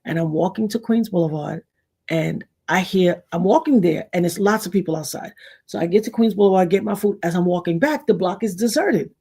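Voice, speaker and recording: Animated middle-aged woman telling stories. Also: on the low side, fairly quick, slightly rough. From New York. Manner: animated storyteller, acts out quotes, thanks chat. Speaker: livestream host. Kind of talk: casual storytelling livestream.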